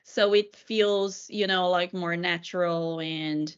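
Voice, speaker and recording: Chatty woman, slightly low voice. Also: steady tone, slow, clear, resonant tone. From Brazil. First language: Portuguese. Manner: chatty, acts out quoted remarks with many fillers. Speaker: PR professional, former journalist. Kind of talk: casual podcast discussion. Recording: slightly muffled audio.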